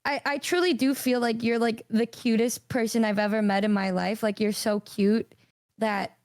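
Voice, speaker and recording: A woman streamer chatting casually with a friend, animated and playful, with frequent swearing. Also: a little high, normal speed, no room sound, studio quality.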